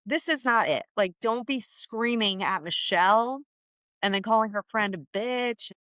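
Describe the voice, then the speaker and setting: Blunt woman with a bright voice. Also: on the high side, measured pace, clean tone, dry recording. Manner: blunt, opinionated, animated storytelling. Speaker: podcast co-host. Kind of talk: casual gossip chat.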